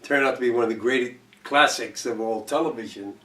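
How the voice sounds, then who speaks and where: A man's voice: medium pitch, fairly quick, pushed and bright. A man interviewing a guest, mostly brief interjections and steering questions. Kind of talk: interview chat. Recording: roomy, distant mic.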